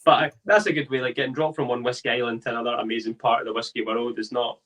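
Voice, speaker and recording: Man, mid-pitched, playful yarn-spinner on a video call. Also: rapid-fire. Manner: animated, jokey storyteller who laughs mid-sentence. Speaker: whisky panel guest. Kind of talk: casual chat on a live stream.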